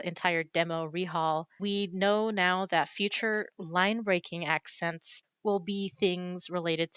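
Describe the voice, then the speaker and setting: Woman, casual screen-recording commentary, chatty, self-correcting, crisp tone. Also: fairly low pitch, fairly bright tone, no echo. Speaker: YouTuber reviewing a game character creator.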